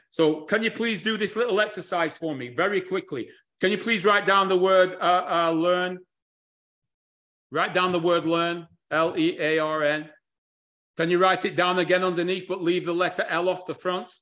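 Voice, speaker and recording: Guy, pretty high voice, lively animated lecture vibe, keeps asking you to write stuff down. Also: normal speed. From United Kingdom. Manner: energetic, animated presenting with audience tasks. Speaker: history and culture speaker.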